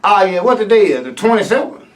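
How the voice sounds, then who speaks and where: A man's voice: high-pitched, fast, recorded from a distance. A man hosting his own talk radio show, ranting loosely with asides to his listeners, recorded on a live stream. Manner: loose, animated rant with asides to the audience. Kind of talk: opinionated talk-radio commentary. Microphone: filmed by a relative for a live stream.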